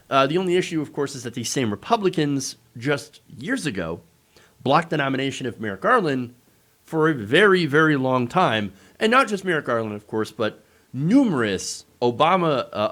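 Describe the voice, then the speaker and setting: A man's voice: medium pitch, a bit bright. A man hosting a casual political commentary show, talking in a sarcastic, mocking way.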